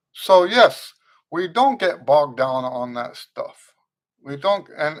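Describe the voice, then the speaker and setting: A man teaching trumpet in an unscripted live-stream Q&A, earnest and instructive, repeating key phrases for emphasis and greeting viewers as they comment. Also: fairly high pitch. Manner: reads viewer comments aloud and greets them.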